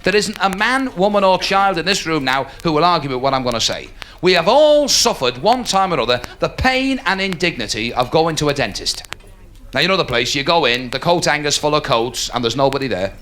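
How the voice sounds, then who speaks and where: A man doing a live stand-up comedy routine, telling stories animatedly and dropping into quick put-on voices. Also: on the high side, big pitch swings, fairly bright tone. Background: audience laughter.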